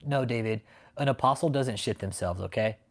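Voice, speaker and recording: Mocking and profane, a livestream host rants in a fairly quick, mid-range voice. He frequently bursts out laughing and rambles through the casual rant.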